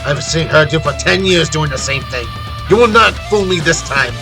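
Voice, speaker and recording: A man's voice: fairly high pitch, expressive, moderate pace, gravelly, over music. A man voicing a pompous male French villain with a put-on French accent, indignant and haughty, in a fan audio drama.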